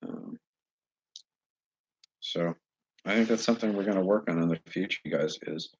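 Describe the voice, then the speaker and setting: Very deep husky man. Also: a little mellow, no echo. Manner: earnest, halting, pauses to search for words. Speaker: vlogger addressing viewers. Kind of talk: casual spoken monologue. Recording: dull lo-fi recording.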